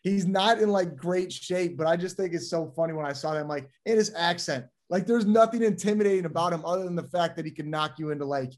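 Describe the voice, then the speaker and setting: A man with a fairly high voice co-hosts a podcast, talking in a loose, joking way. He keeps the chat moving and likes to wrap things up. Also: fast talker, hardly any pauses. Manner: animated, joking, wraps up segments. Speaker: podcast co-host. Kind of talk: casual chat.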